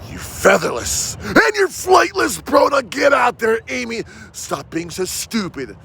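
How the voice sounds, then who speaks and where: Guy yelling a profane roast, swoopy high voice, bit of hiss behind. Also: huge pitch swings, slow, vocal fry. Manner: loud, brash, profane, says "bro" constantly. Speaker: roast comedian. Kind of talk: shouted personalized roast message.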